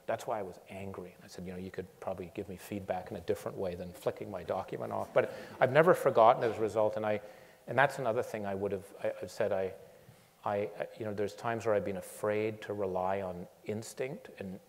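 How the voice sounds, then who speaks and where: Speaking a little fast, a man invited as a guest speaker narrates his story with animation, breaking off and restarting often and repeating words. His voice is fairly low, and a lecture hall's long echo surrounds it.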